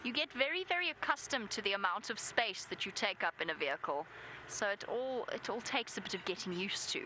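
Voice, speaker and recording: A woman's voice: mid-range voice, expressive, brisk, sharp tone, slight background noise, rough recording. A South African woman giving live safari commentary from an open vehicle outdoors, chatty and self-deprecating. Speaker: safari guide.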